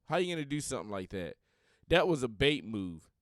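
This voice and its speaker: Blunt, rambling man with smooth voice. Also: medium pitch, sing-song, a little fast, fairly bright tone, no room sound, clean studio sound. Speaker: podcast host. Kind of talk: casual opinion monologue.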